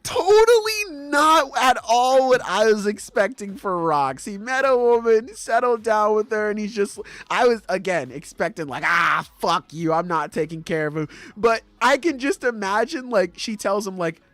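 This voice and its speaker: A man co-hosting a podcast, recapping a manga chapter in casual chat, swearing freely and acting out the characters in quick voices. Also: extremely high pitch, sing-song, a bit bright, no room sound. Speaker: podcast co-host.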